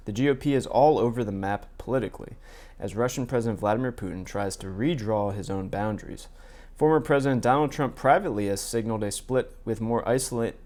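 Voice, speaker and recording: Male commentary host, lowish voice, sardonic, reads news aloud with casual asides. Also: a little mellow. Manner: sardonic, reads quotes in his own plain voice; frequent fillers and restarts, asides.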